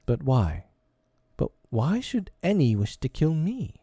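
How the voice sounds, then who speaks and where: A man's voice: mid-range voice, huge pitch swings, slow pace, mellow, slightly rough, no room sound, clean studio sound, voice pushed up, full character voice. A man voicing an earnest, bold boy raised by wolves in a storybook reading. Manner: earnest, eager.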